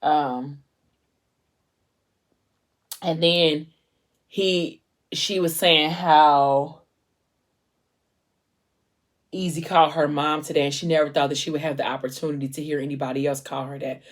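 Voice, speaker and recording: A woman's voice: sits low, flat delivery, normal speed, pauses often. A young woman casually recapping a novel's plot in a chatty, meandering way with lots of fillers. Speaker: vlogger discussing a book.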